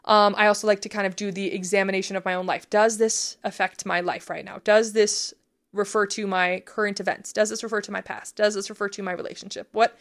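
A woman talks through a prayer method on a faith podcast, earnest and chatty, with a middle-pitched voice. She lays things out step by step, dropping casual "like"s as she goes. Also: level tone, a little fast. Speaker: podcast co-host teaching prayer practice.

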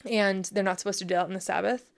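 A woman talks through a prayer method on a faith podcast, earnest and chatty, with a middle-pitched voice. She lays things out step by step, dropping casual "like"s as she goes. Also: steady tone, fast, gravelly. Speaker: podcast co-host teaching prayer practice.

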